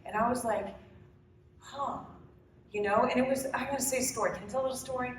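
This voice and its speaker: Middle-aged woman painter, earnest and halting, fairly high voice, heard from a distance in a big echoey hall. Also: steady tone, a little hiss or hum. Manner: earnest, halting, restarts often, laughs. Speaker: painter giving a demo talk. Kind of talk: emotional, rambling live talk to an audience. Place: large echoey hall, live audience.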